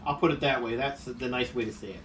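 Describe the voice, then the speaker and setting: This vlog host is a man whose medium-pitched voice stays steady in tone, brisk and fairly bright. He keeps things playful and chatty with frequent laughter, eating and talking casually mukbang-style at a home dining table. A faraway camera mic picks him up, with a little background noise.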